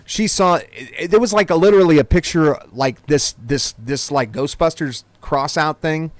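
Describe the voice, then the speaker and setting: A man in his forties hosts his own vinyl record channel, chatting to the camera in a loose, rambling way full of asides. His voice sits a little on the high side. The sound is dry and close, with no room echo. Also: moderate pace. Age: 40s. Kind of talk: casual talk to camera.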